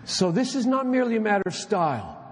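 A man preaching a sermon to fellow preachers, emphatic and animated, dropping low when he reads quotations aloud. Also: fast, big-room sound, a little hiss or hum.

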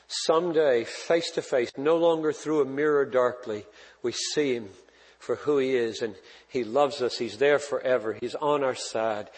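A man preaching a sermon with passion, rising to loud emphatic peaks and dropping to quiet, intimate asides. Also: medium pitch, long reverb tail, rough recording. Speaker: pastor.

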